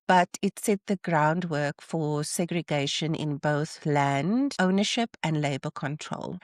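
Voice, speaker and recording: A woman speaks in a fairly low voice, recorded close and dry. She hosts a casual solo podcast and often acts out other people's words in a brighter, lively tone. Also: no echo. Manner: animated, acts out quoted people with rising pitch. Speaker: podcast host.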